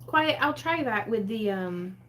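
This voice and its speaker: A woman's voice: medium pitch, expressive, measured pace, fairly bright tone. A woman hosting a casual crafting livestream from her home craft space, chatting in a bubbly, giggly way and reading viewer comments aloud.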